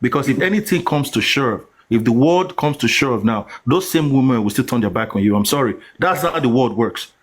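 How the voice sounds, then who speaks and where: Quick man on a group call, rambling opinion, lots of uh and restarts. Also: mid-range voice, lively intonation. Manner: rambling, full of fillers and restarts. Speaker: caller in an online group talk. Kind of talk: casual opinion chat.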